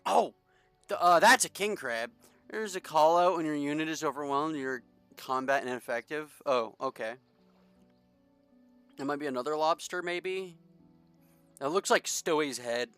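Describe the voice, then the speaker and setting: A man's voice: a little high, unhurried, long pauses, a bit bright, clean tone, dry recording, soft background music. A man giving casual gameplay commentary, jokey and sarcastic, reading the game text aloud as he plays. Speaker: gaming streamer.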